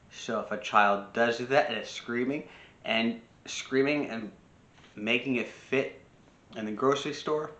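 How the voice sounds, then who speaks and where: A man's voice: mid-range voice, pushed and bright, echoey room. A man giving casual spoken advice on parenting, talking freely with restarts and acting out short quoted lines. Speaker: personal growth speaker.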